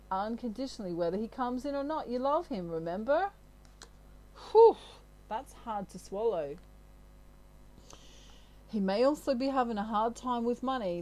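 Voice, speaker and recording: A woman's voice: mid-range voice, darkish tone, rough recording. A woman with an Australian accent, talking through a tarot reading in a casual, rambling way. She is chatty and giggly, with a mid-range voice. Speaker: tarot reader.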